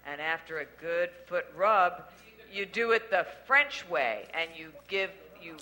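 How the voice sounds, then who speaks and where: A woman hosting a casual chat, playful and animated, often laughing. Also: on the low side, unhurried, rough recording. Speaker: host.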